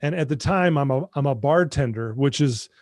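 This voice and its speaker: A middle-aged man appears as a guest on a podcast interview, sharing his story of addiction recovery earnestly and from the heart as he talks directly to the host over a video call. He is a recovery mentor whose mid-range voice is slightly mellow at a moderate pace, captured in clean studio sound with no room tone.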